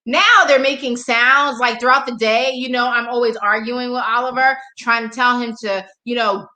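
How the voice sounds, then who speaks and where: A woman's voice: a little high, steady tone, moderate pace, bright, forceful tone, echoey room. A female co-host in casual comedic chat who teases her partner in a sassy way. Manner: sassy, teasing.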